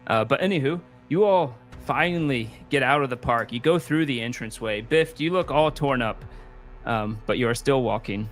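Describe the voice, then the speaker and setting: A man narrating as game master of a tabletop game, at an ordinary middle pitch. His delivery is halting and loose, dotted with ums and uhs as he describes each scene. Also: faint music behind. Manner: hesitant, filler-heavy narration.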